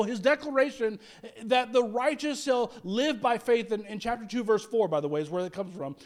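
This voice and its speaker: A man preaching a sermon, animated and humorous, acting out quoted prayers and joking with the congregation. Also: extremely high pitch. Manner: animated, acts out quoted prayers, self-deprecating humor, frequent laughs. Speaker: pastor.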